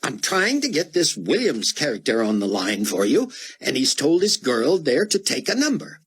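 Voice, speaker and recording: A man's voice: medium pitch, wildly swooping pitch, moderate pace, slightly rough, pitched above the performer's own voice. A man voicing an exasperated male aide.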